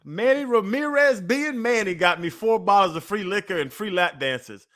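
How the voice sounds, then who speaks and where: A man's voice: high-pitched, expressive, normal speed, a bit bright. A man co-hosting a sports radio show, telling a story in a laid-back way with casual slang, on a studio microphone. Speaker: radio show co-host, former football player.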